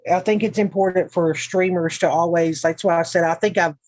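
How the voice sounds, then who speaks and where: A woman's voice: on the low side, steady tone, fairly quick, darkish tone, dry recording, low-quality recording. Chatty Tennessee woman hosting a stream. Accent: Tennessee Southern. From Middle Tennessee. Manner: frank, sarcastic, chatty with frequent asides. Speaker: livestream host. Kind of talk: casual livestream chat. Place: home.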